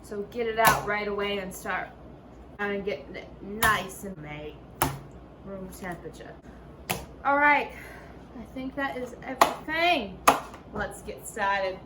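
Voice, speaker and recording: Slow-talking woman hosting a cooking video. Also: mid-range voice. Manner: playful, profane mock-chef banter. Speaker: home cooking host. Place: home kitchen. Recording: noisy room ambience.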